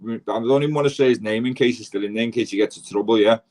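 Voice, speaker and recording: A man's voice: medium pitch, rapid-fire, darkish tone. Scouse male host, chatty and slangy, spins long anecdotes with quoted dialogue. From Liverpool. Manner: rambling, slangy, quoting others in dialogue. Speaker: podcast host. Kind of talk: casual storytelling chat.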